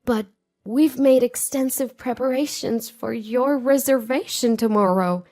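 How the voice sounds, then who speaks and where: A woman's voice: fairly high pitch, unhurried, mellow, voice pushed up. Woman doing a polite pleading restaurant manager.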